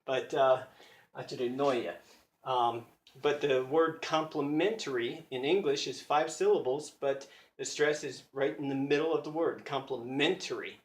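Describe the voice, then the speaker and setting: American guy, slightly high voice, earnest and thinking aloud as he explains study tips, echoey phone recording. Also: steady tone, normal speed. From United States. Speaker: language learner sharing study tips. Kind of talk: casual explanatory video talk.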